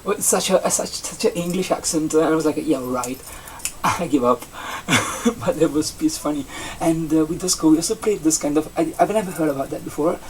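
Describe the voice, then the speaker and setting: A young adult vlogger from Italy with an Italian accent, a native Italian speaker chatting casually in English, rambling and halting with many restarts and fillers. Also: mid-range voice. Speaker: vlogger, seasonal campsite entertainment worker. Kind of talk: casual vlog chat. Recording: distant mic with faint background noise.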